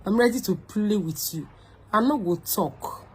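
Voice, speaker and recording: Nigerian woman host, husky voice, mid pitch, lectures a rival head-on and slips into pidgin. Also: lively intonation, a little slow, low-quality recording. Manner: scolding, confrontational, repeats phrases; mixes pidgin into English. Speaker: online show host. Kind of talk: direct-to-camera rant.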